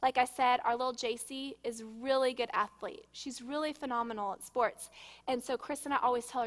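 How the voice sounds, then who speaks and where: A woman's voice: sits high, fairly even intonation, quick pace, a bit bright, long reverb tail. A woman in her thirties gives an earnest, conversational sermon on parenting in a church, repeating words for emphasis. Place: church sanctuary.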